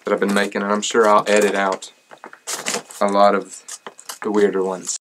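Lower-voiced young man, joking. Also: monotone, moderate pace, a bit bright, slight background noise, rough recording. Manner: joking and self-deprecating. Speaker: singer and vlogger. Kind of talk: casual chat, unboxing fan mail.

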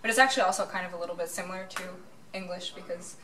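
A woman's voice: lowish voice, racing. Teasing young woman. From Netherlands. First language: Dutch. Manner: chatty, teasing. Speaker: guest teacher. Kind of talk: casual chat. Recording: distant voice over a chatty crowd.

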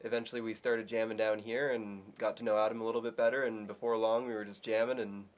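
A man with a fairly low, flat voice, the band's keyboardist, answers questions haltingly. He stops and restarts with frequent fillers. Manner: halting, hesitant. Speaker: band keyboardist. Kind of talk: casual interview chat.

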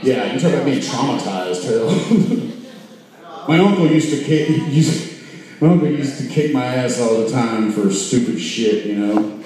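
A man's voice: medium pitch, lively intonation, unhurried, warm tone. A man doing rowdy, profane stand-up comedy on a bar stage. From Oklahoma, US. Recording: echoey club from far off.

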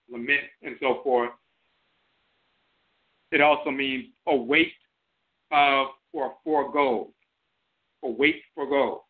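A man with a somewhat high voice gives a spoken lecture as host of an internet radio show. He works through terms methodically and restates each definition. The sound is thin and narrow, like a phone call. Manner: explanatory, repeating terms and definitions. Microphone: phone line to an internet radio show. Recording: tinny phone-line audio.

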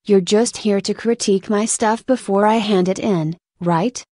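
A woman's voice: medium pitch, normal speed, dark tone, no room sound, clean studio sound, natural voice. A woman voicing a young male intern who is impatient and defensive, in a spoken story reading. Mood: irritated. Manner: curt, defensive.

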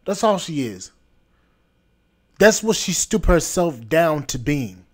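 Blunt higher-voiced man ranting. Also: big pitch swings, takes it slowly. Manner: blunt, repetitive, scolding. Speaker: podcast host. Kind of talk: opinion rant.

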